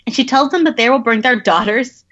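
A woman's voice: on the high side, a little fast, a bit bright, highs cut off. A woman on a podcast casually recapping a novel, wry and laughing between lines. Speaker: podcast host summarizing a novel.

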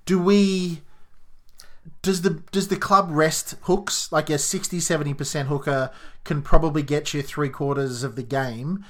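A man's voice: on the high side, steady tone, measured pace. A man with an Australian accent co-hosting a podcast, reading listener questions and giving his own football opinions. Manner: chatty, reads out listener questions. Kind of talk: casual footy chat.

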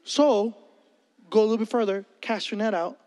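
A man voicing a casual, streetwise version of Jesus who talks in a relaxed, conversational way. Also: high voice, normal speed, natural voice. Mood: patient. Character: casual laid-back Jesus, adult man. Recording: echoey hall.

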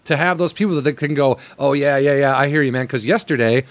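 A man talking fast and jumping in to finish other people's sentences in a relaxed chat. His voice sounds dry and close to the mic. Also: mid-range voice, no echo. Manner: quick, joins in finishing others' lines. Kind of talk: casual chat.

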